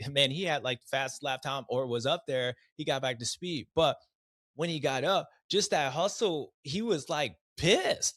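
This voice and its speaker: A man's voice: a little high, a bit bright, no room sound, clean studio sound. A man hosting a casual race recap, rambling with slang and restarts and acting out riders' voices in quotes. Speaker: podcast host, former racer.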